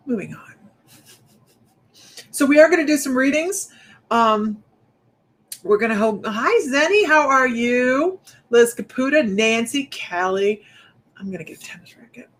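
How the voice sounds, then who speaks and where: A woman's voice: fairly high pitch, expressive, a little slow, long pauses, fairly bright tone. Woman psychic host on a livestream, kinda out of breath, rambly and chatty, talks right to viewers. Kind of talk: casual livestream chat.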